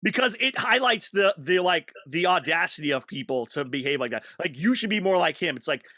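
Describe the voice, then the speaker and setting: A man who is a stand-up comedian, chatting casually on a podcast, animated and laughing often with quick asides. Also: on the high side, no room sound, studio quality.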